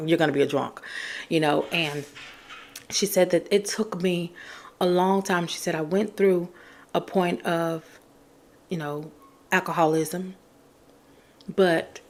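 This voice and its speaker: A woman's voice: lowish voice, darkish tone. A woman hosting a podcast, talking in an emphatic, encouraging way and repeating her key phrases. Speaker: podcast host. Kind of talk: casual motivational talk.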